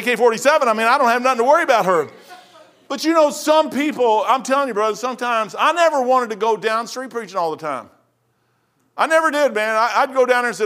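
A man's voice: high-pitched, fast. A man with a Kentucky accent preaching in a folksy, joking storytelling style. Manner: folksy, jokey, animated storytelling. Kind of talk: storytelling sermon.

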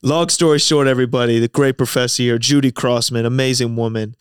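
A man's voice: mid-range voice, fast talker, clear, resonant tone, no room sound, studio quality. A man in his twenties co-hosting a podcast, chatting casually and telling stories with easy laughs. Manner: relaxed, laughing storyteller. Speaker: podcast co-host. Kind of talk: casual chat.

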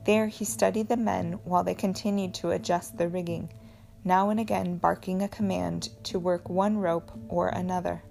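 A woman narrating a novel in the first person with steady storytelling. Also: lowish voice, normal speed, vocal fry, soft background music. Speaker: audiobook reader.

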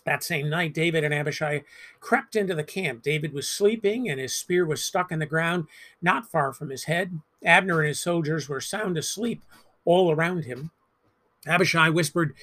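A man's voice: a little high, moderate pace, fairly bright tone. A man who hosts a church podcast, reading a scripture passage aloud and then talking through it with light humor. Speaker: pastor.

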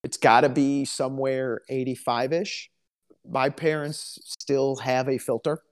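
Unhurried and steady in tone, a man with a medium-pitched voice co-hosts a casual podcast. He's from Alabama and tells his stories in a chatty, dry, joking way.

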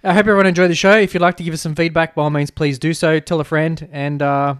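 A young adult man with an Australian accent, co-hosting a podcast in rambling, animated casual chat full of fillers. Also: a little high, fast talker, clear, resonant tone, dry recording, studio quality. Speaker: podcast co-host.

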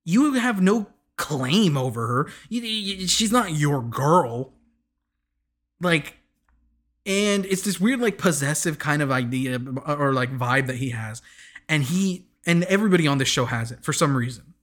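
Young man, casual show recap, rambling, stammers, slightly high voice. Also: expressive, measured pace, fairly bright tone. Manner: rambling, many "like"s, stammering restarts.

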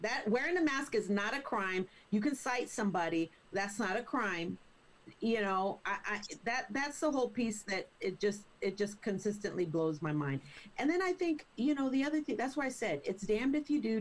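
A woman's voice: medium pitch, low-quality recording. A woman in a casual group discussion, speaking indignantly and at times mocking others in quoted voices.

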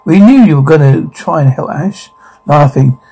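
A man's voice: fairly high pitch, lively intonation, moderate pace, warm tone, husky, soft background music, poor audio. A man doing a sneering evil double. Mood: gloating. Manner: sneering, mocking taunts. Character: taunting evil male double of the hero, crude and gloating.

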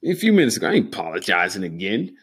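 A man hosting a solo podcast, rambling and cursing freely, sometimes getting excitable. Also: sits low, racing, breathy edge. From Denver, Colorado. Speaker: podcast host. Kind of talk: solo casual podcast monologue.

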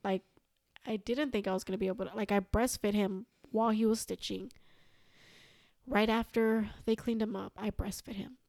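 A young woman telling a story as a podcast guest, animated and quoting herself and others. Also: medium pitch, normal speed, no room sound, studio quality. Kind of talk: casual storytelling.

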